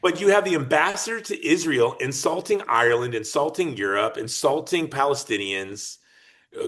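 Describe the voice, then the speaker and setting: A man speaks as a podcast guest, forceful and argumentative. His pitch leaps and drops constantly as he presses his points. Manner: emphatic, argumentative, lively and fast-shifting. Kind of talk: animated political talk.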